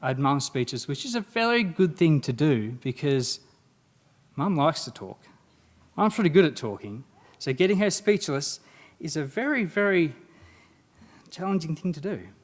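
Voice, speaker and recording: Animated young man, speech. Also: fairly high pitch, moderate pace. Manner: animated storytelling, acting out quoted dialogue. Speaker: guest speaker. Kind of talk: motivational ceremony speech. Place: graduation ceremony.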